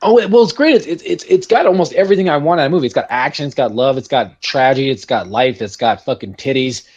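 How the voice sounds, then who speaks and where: A man's voice: medium pitch, fast talker, darkish tone, lo-fi sound. A young man co-hosting a podcast, retelling movie scenes with lots of swearing. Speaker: podcast co-host. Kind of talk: casual chat.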